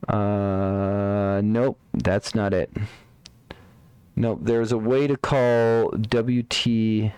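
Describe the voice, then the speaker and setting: A man's voice: on the low side, little pitch movement, drawn-out words, a little mellow, smooth, no room sound. A man streaming live, thinking aloud while debugging code, muttering to himself, trailing off and repeating words.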